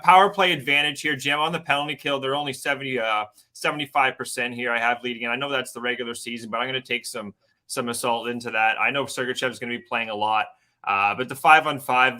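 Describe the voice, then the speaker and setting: Guest, male, Canadian accent: excitable, rambling, lots of fillers, bright and forceful voice. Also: medium pitch. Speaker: sports betting show guest. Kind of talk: sports betting talk show.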